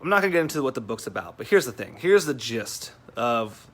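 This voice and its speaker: A man's voice: medium pitch, big pitch swings, fairly quick, fairly bright tone. A man hosting a casual vlog, speaking bluntly and with lots of profanity as he rants about taking responsibility. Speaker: marketing coach vlogger. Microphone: phone camera.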